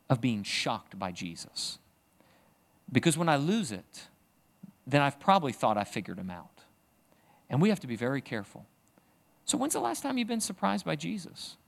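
A middle-aged man preaching a sermon in a conversational way, with joking asides and animated emphasis. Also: a little high. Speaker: pastor.

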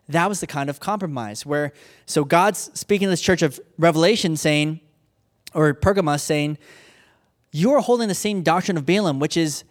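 A young adult man preaching a sermon, retelling Bible stories casually and acting out the characters in his own voice. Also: on the high side. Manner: casual storytelling, acts out characters. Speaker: pastor.

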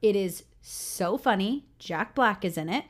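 A woman's voice: medium pitch, animated, measured pace. A young adult woman co-hosting a podcast, chatting in a casual, upbeat way. Her voice sits in a middle range, and her talk is loose and friendly. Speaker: podcast co-host. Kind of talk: casual chat.

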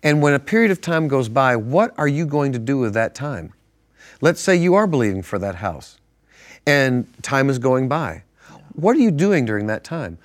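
A man's voice: mid-range voice, sing-song, normal speed. A man co-hosting a Christian broadcast, teaching from the Bible in an earnest, conversational way and reading verses with rising emphasis. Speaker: pastor, co-host. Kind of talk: Bible teaching in casual studio chat.

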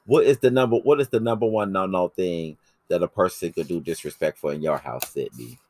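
Very deep-voiced man, brash and profane. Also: brisk, dry recording. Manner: brash, profane, animated storytelling. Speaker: podcast host. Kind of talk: casual chat.

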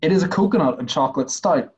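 A man's voice: fairly high pitch, animated, quick pace, a little mellow, lo-fi sound, a little hiss or hum. A man co-hosting a casual podcast over a video call, teasing and playful. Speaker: podcast co-host. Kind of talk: casual chat.

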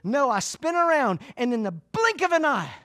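A middle-aged man from Florida with a Southern US accent gives a humorous motivational speech to a live audience, telling folksy, animated stories. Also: very high voice, moderate pace. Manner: folksy, animated storytelling with jokes. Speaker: keynote speaker. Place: conference room before a live audience.

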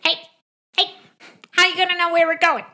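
A high, bright little gnome voice, put on by a woman running a tabletop game. He is bossy and snippy and keeps complaining. The tone is sharp and tense. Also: level tone, moderate pace. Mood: whiny. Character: small grumpy male gnome, bossy. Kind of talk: tabletop role-play voice.

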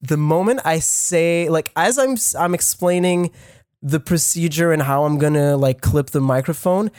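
A young man, a podcast co-host and audio engineer, telling a long story in casual chat, animated and profane with lots of fillers and restarts. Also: fairly high pitch, dry recording, studio quality.

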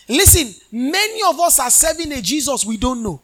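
High-pitched, bright-voiced male preacher. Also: big pitch swings, moderate pace, hardly any pauses. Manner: call-and-response questions to the congregation; emphatic, often sing-song preaching cadence. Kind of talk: sermon. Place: church.

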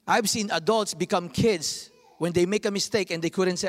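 High-voiced pastor guy preaching, tells stories and acts out the bits, lots of hall echo. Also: moderate pace. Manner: animated storytelling, acts out quotes. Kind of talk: sermon. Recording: long hall reverb.

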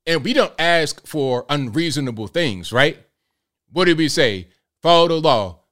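A man delivering an opinionated monologue, animated, with frequent stammering restarts. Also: a little high, measured pace. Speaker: political commentator.

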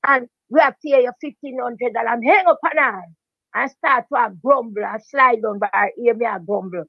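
A veteran dancehall DJ, an older woman with a strong Jamaican accent, is interviewed as a guest and tells her story in quick, animated bursts of patois, hammering the same point home. Her high voice is creaky, and the dry recording sounds a little dull.

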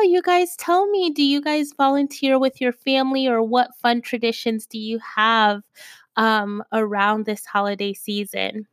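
A young woman hosting her own podcast in casual chat, her voice raspy from a cold, talking with lots of fillers and repeated asides to her listeners. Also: fairly high pitch, dry recording, clean studio sound. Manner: chatty, lots of fillers, keeps saying "you guys". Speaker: podcast host.

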